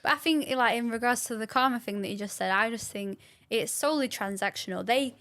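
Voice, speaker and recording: A woman's voice: on the high side, fairly quick, a bit bright. A young woman chatting casually as a podcast guest, with plenty of fillers like "um" and "like". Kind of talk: casual chat.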